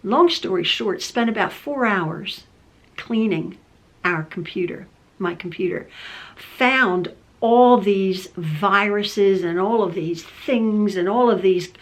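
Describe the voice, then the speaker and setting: An older woman talks straight to the camera from her home sewing room, the host of a quilting channel. She rambles in a casual way, with plenty of ums and restarts, and her pitch sits in the middle range. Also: slow. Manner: rambling, many fillers and restarts.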